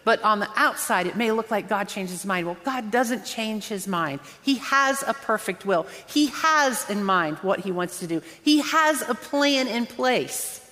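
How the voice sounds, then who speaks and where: A woman's voice: medium pitch, animated, moderate pace, few pauses, pushed and bright. A woman preacher delivering a conversational, earnest sermon, drawing out words for emphasis. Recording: long hall reverb.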